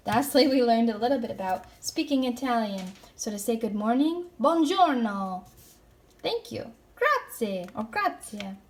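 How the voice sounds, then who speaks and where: A woman's voice: fairly high pitch, a little mellow. A woman teaching young children, recapping a class in a playful, sing-song way. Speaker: elementary school teacher.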